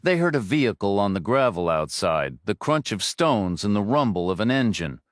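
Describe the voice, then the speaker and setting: Low-voiced male audiobook narrator. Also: sing-song, normal speed, dry recording. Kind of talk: scripted narration. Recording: dry close studio read.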